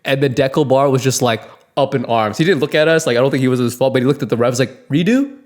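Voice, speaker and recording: A man's voice: mid-range voice, fast. A man co-hosting a podcast, telling a story in casual chat, laughing and acting out the voices of the people in it. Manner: animated, laughing, acts out quotes. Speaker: podcast co-host.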